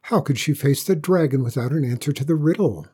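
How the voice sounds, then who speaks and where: A man reading a storybook aloud as narrator, in a calm, steady manner. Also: a little high, brisk, husky.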